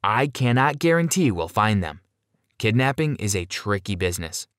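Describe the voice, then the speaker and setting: A stern, blunt police officer delivers hard news in a grave, matter-of-fact way, voiced by a man reading a story. The voice sits low. The sound is dry and close. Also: sing-song, moderate pace, fairly bright tone, dry recording.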